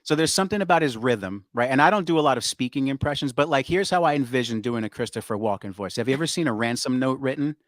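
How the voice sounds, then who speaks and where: A man guest on a talk show, chatting in a relaxed way with lots of fillers about doing impressions. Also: mid-range voice, fast talker, hardly any pauses, dry recording, studio quality. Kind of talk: casual interview chat.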